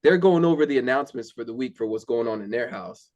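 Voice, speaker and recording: A man's voice: mid-range voice, expressive, fast, a little mellow. A young man telling his faith story in casual talk, candid and earnest, with many fillers. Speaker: interview guest. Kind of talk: casual testimony.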